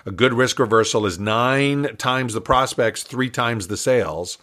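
An older man, an entrepreneur guest in an interview, telling a story in a lively, animated way with frequent laughs. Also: medium pitch, a little slow.

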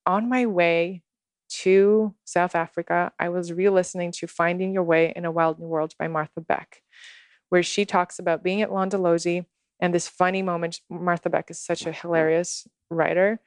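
Woman guest, low-ish voice, earnest unhurried storyteller, dry close sound. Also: level tone, no echo. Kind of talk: personal storytelling in conversation.

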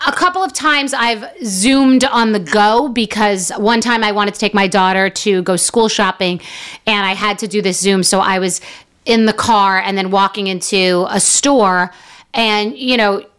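A woman's voice: medium pitch, a little slow, a bit bright, smooth. A middle-aged woman telling a story in a casual monologue, rambling, self-mocking and freely swearing. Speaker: business owner telling a story.

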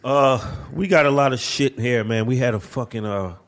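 A man's voice: medium pitch, normal speed. Blunt, profane New man. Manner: blunt, profane, street slang. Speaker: podcast co-host. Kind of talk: casual studio podcast chat.

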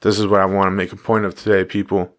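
A man with a lowish voice talks straight to his viewers in a loose, casual pep talk. He hammers his points home by repeating phrases, and he drops a swear word here and there. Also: little pitch movement, fast, a bit bright. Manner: emphatic repetition, casual profanity. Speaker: motivational vlogger.

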